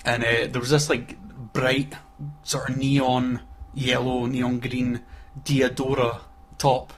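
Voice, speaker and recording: A man's voice: medium pitch, little pitch movement, takes it slowly. A man in casual chat as a podcast co-host, laughing often and acting out voices in his stories. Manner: laughing, acts out quoted voices.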